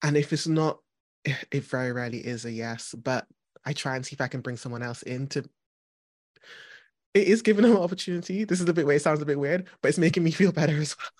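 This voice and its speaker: A woman's voice: low voice, fast, darkish tone, no room sound, studio quality. Reflective woman podcast host. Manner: reflective, thoughtful, laughs easily. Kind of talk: casual conversation.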